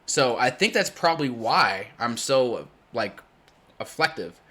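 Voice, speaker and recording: A man born in Germany, a native German speaker, hosting a game tournament in casual chat, blunt and loud when excited. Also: mid-range voice, a little slow. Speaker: tournament host.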